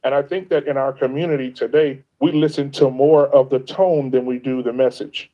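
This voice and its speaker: His mid-range voice is steady and mellow at a moderate pace, heard through lo-fi sound. As a content creator and livestream guest, he chats casually but earnestly and emphatically, repeatedly restarting what he's saying.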